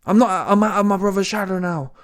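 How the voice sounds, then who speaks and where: Brief: man doing a mocked boxer, whining, high, sing-song. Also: fast talker, natural voice. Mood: whiny. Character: whiny, self-pitying young male boxer, mocked.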